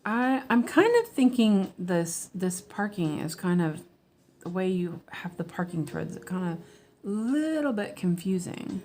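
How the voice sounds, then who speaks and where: A woman chatting casually as she stitches, answering viewers and muttering quietly to herself as she works. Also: mid-range voice, animated, unhurried. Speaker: cross-stitch designer and streamer.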